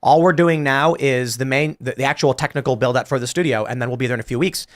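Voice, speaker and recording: A man's voice: medium pitch, fast. A man hosting a political talk show, chatting casually and arguing his points with animation and frequent restarts. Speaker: podcast host.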